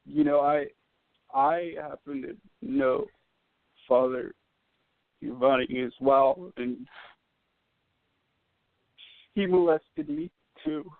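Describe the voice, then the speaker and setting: A male caller on a call-in show who speaks slowly and hesitantly in a deadpan tone. His voice has a gravelly edge. The phone line makes it sound dry and tinny. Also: fairly high pitch, no room sound.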